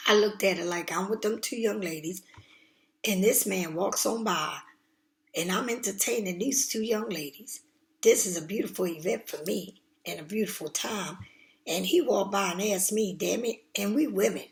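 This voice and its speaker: Gravelly blunt-talking woman tarot reader. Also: medium pitch. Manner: blunt, streetwise, emphatic with swearing. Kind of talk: casual tarot reading.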